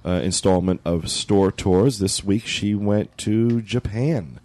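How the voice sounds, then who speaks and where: A man hosting a casual roundtable podcast, relaxed and joking as he hands over segments. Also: fairly low pitch, slow pace, no room sound. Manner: relaxed, joking, talks with mouth full. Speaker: podcast host.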